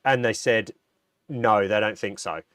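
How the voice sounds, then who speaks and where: A man's voice: lowish voice, a little slow, fairly bright tone, clear, resonant tone, no echo, studio quality. A man hosting a casual livestream. He has a cold, so his voice sounds nasal, and he chats with enthusiasm and answers viewer comments. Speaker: livestream host.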